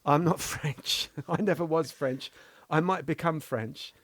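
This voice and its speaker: A man's voice: on the high side, measured pace, a bit bright, dry recording. A man from England co-hosting a casual philosophy podcast, telling playful jokey stories. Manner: playful, joking storyteller. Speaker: podcast co-host.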